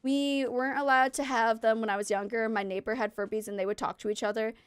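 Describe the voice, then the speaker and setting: A woman streamer chatting casually with her viewers while she plays a game. She is a mother and a former teacher, and she talks in an animated, rambling way with lots of fillers. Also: on the high side, quick pace, clean tone, no echo, clean studio sound.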